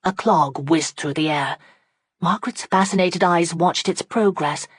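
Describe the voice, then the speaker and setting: Woman audiobook narrator, steady dramatic read, low voice, no room sound. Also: unhurried, husky, dry recording. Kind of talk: scripted narration.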